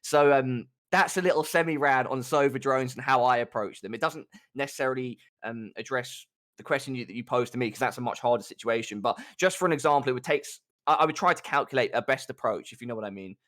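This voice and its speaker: A man's voice: quick pace, few pauses, fairly bright tone. A man talking casually about tactics on a live gaming show, swearing and ranting at times. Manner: swears a lot, rants with rising pitch. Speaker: guest pro player.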